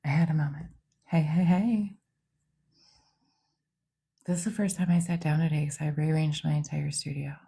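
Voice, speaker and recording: A woman's voice: sits low, fairly even intonation, normal speed, vocal fry, pauses often, warm tone, breathy edge. A woman, hosting a livestream, half-whispering in a casual chat and greeting viewers by name in her home studio. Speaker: psychic medium livestream host.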